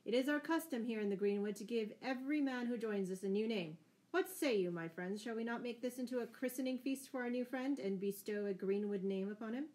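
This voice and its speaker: A woman's voice: on the high side, a little fast, a little mellow, close to an everyday voice. A woman playing a teasing, mock-solemn outlaw. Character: playful, teasing male outlaw companion.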